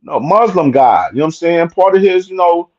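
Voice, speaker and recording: A man's voice: fairly high pitch, lively intonation, a little fast, darkish tone, muffled recording. A young man hosting his own show, giving casual, opinionated commentary in an emphatic, repetitive way with slang and swearing. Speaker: boxing commentary host.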